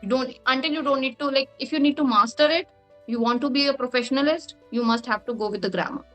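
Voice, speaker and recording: High-voiced woman explaining at length. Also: fast, soft background music. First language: Hindi. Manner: explains at length, laughs often, uses "like" as filler. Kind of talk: casual interview answers.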